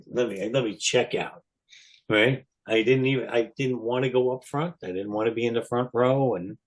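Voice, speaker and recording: A man in his sixties telling casual stories as a podcast guest, rambling with many "you know" fillers and laughing as he talks. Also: mid-range voice. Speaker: guest, longtime fan. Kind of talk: casual anecdotal storytelling.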